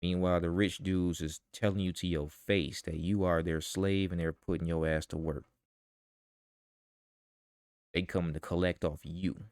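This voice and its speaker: A very low-voiced man, ranting in a vlog commentary. He talks in a heated, profane way and keeps firing rhetorical questions. The sound is dry and close, with no room echo. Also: fairly even intonation, normal speed, long pauses, a little mellow, clear, resonant tone. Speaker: vlogger.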